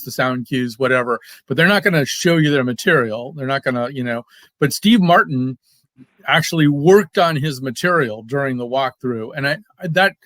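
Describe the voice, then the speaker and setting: Casual: host guy musing in an interview, dry close sound, middling pitch. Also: a bit bright, no room sound. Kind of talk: conversational interview.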